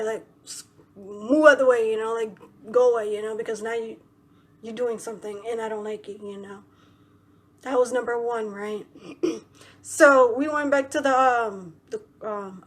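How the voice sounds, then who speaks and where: Rambling young woman vlogger, higher voice. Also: breathy edge. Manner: rambling, fills with "you know" and "right". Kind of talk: casual storytelling to camera.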